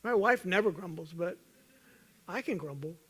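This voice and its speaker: A man preaching a sermon as pastor, earnest and urging, at times loud and at times hushed, joking with the congregation. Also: animated, moderate pace, slightly rough. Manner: earnest, swings from loud emphatic urging to soft low intensity; jokes with the congregation.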